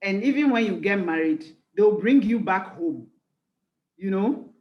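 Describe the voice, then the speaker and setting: A woman's voice: medium pitch, lively intonation, a little slow, roomy sound, muffled recording. A woman life coach giving a conference talk, earnest and reflective, leaning on key phrases. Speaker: executive life coach and speaker.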